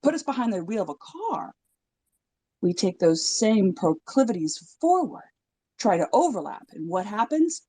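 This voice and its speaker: A woman in a casual call-in chat, telling a joke with lively storytelling. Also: mid-range voice, normal speed, breathy edge, no echo. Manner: animated storytelling joker.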